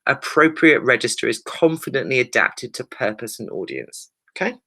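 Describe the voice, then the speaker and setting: A woman teacher talks her pupils through a revision lesson with a bright, sharp-edged voice. She is brisk and emphatic, and often checks in with "right?" along the way. She drops in playful, teasing asides. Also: rumbling low, sing-song, husky. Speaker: secondary school English teacher.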